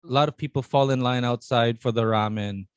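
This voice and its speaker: A man's voice: mid-range voice, fairly quick, smooth, no room sound, clean studio sound. A man co-hosting a casual podcast, chatting and teasing his co-host. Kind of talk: casual chat.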